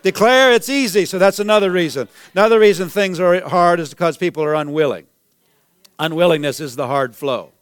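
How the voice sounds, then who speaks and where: A man preaching a sermon, his high voice smooth and clear. He rises to emphatic, repeated exclamations, heard close and dry with little room sound. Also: brisk, dry recording. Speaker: pastor.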